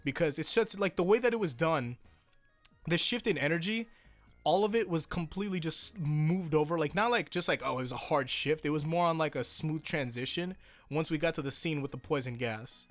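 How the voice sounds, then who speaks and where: A young man reviewing an anime episode in casual chat, rambling with lots of swearing and hyped excitement. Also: fairly high pitch, a little fast, faint music behind.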